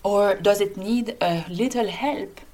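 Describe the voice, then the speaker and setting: A woman's voice: medium pitch, takes it slowly, darkish tone. A woman physician with a French accent, hosting a solo podcast in an earnest, hopeful way with many fillers. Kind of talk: casual solo podcast talk.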